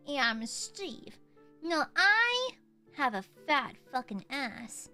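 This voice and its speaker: A woman's voice: sits high, big pitch swings, slow pace, bright, forceful tone, faint music behind. A woman streamer chatting casually while gaming, playful and boastful, swearing freely and laughing often.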